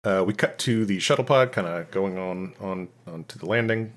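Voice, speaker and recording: Guy with a lowish voice rambling through an episode recap, lots of ums, casual podcast chat. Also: moderate pace. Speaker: podcast co-host.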